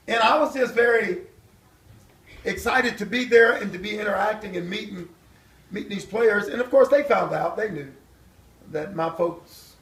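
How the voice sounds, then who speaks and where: Older male guest speaker, very high voice, lively storyteller, miked from far off in a reverberant hall. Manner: animated storyteller, acting out voices and shouts. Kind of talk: storytelling testimony at a church event. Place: church hall.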